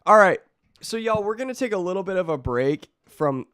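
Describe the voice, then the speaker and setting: A hoarse young man chatting casually to a livestream audience, rambling and slangy, his voice nearly worn out. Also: high voice, sing-song, a little fast, a bit bright, dry recording, clean studio sound. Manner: rambling, slangy, self-interrupting. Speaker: streamer.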